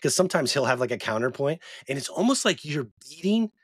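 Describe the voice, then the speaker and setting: A man's voice: mid-range voice, very animated, husky. A man in his forties hosting a podcast from a small sound closet at home, chatting casually and praising his guest with enthusiasm. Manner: enthusiastic, quick to praise and laugh. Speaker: podcast host. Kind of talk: casual interview chat.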